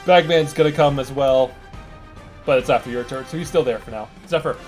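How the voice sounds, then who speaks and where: A man narrating as game master in a relaxed way, with loose fillers and chuckles. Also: mid-range voice, fairly quick, faint music behind.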